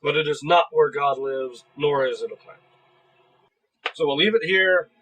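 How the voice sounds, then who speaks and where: A man's voice: fairly high pitch, moderate pace, fairly bright tone, breathy edge, low-quality recording. A man giving earnest solo commentary in a video, explaining and growing emphatic when he disagrees. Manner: earnest, gets worked up and emphatic. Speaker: YouTube commentator.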